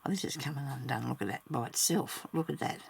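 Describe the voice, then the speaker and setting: A woman with an extremely low, creaky, husky voice talks quickly and casually while she embroiders. She mutters to herself and chats with her viewers in a laid-back talk-along crafting vlog, narrating her work as she goes.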